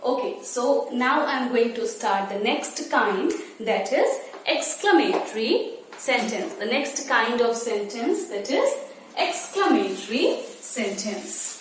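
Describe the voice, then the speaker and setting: A woman teaching an online English lesson to young children, repeating key words slowly and drawing them out. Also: on the high side, lively intonation. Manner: slow, repetitive, stretching key words. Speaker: primary school English teacher. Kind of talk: online class lecture. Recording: distant, very echoey room with faint noise.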